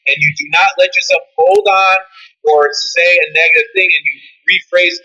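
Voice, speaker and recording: High, bright-voiced energetic man. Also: normal speed, breathy edge, lo-fi sound. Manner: emphatic, punchy, coach-like, swears casually. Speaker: guest author on a podcast. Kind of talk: energetic motivational interview talk.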